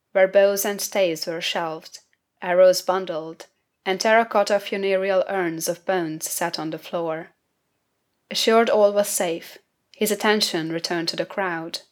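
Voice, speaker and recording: A woman reads fantasy fiction aloud in a measured, unhurried way, giving the descriptive passages room to settle. Her voice sits lower than most women's and carries the prose at an even, deliberate pace. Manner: measured, unhurried literary reading. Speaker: audiobook narrator. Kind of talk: scripted narration.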